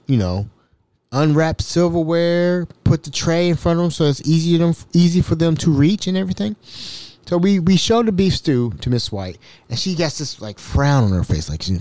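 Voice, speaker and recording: A man hosting a podcast, telling stories in an animated, repetitive, exasperated way. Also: on the high side, no room sound. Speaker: podcast host. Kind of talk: casual storytelling.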